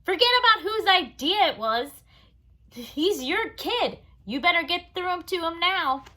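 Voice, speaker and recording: A woman's voice: very high-pitched, expressive, unhurried, voice pushed up, full character voice. A woman voicing an impatient, blustering businessman in a children's story read aloud. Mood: angry. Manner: blustering and loud. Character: impatient angry male businessman.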